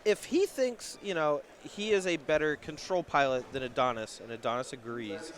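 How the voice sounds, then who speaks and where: A man's voice: a little high, normal speed. A man from the Southern United States giving color commentary on a card game match, laid-back and joking, with plenty of asides.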